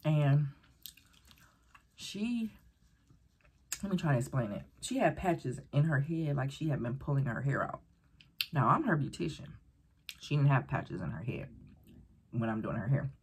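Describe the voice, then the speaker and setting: A woman vlogger casually telling a story while eating, animated and rambling, acting out the voices of people she quotes. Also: rumbling low, measured pace, pauses often. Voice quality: very breathy, husky.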